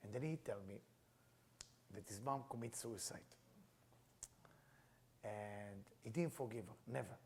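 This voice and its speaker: A man's voice: on the low side, a little slow, pauses often, a little mellow, slight background noise. A middle-aged man teaching Kabbalah in an earnest way, mixing personal stories into the lesson in plain, slightly non-native phrasing.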